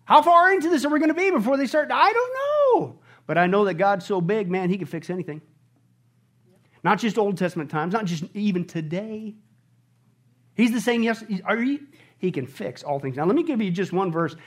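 A middle-aged male pastor preaching a sermon, animated and often shouting on his high points. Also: moderate pace.

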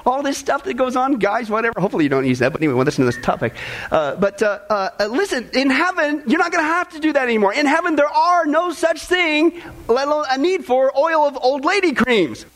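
A man with a strikingly high voice preaches a sermon to a church congregation. He keeps the delivery animated and jokey. He often laughs at his own punchlines. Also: fast. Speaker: pastor.

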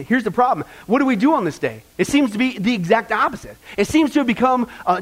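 A man preaching a sermon as pastor, animated, asking the congregation questions and acting out the voices in a joke. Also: sits high.

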